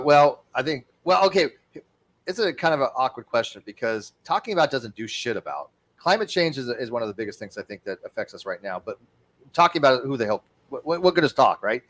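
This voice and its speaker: A man hosting a casual livestream panel chat, animated, swearing casually and stammering through fillers. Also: mid-range voice, brisk. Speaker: livestream host.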